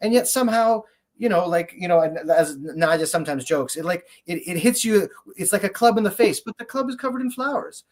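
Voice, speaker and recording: A fairly high-voiced man speaking as a guest winemaker in a relaxed interview. He rambles with enthusiasm and fills his talk with "like" and "you know". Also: a little fast. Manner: enthusiastic, rambling, heavy use of "like". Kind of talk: casual interview chat.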